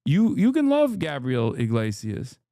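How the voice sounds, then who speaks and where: A man's voice: mid-range voice, wildly swooping pitch, a little slow, dark tone, dry recording, clean studio sound. A man giving emphatic, profane reaction commentary on a live stream, repeating points for emphasis.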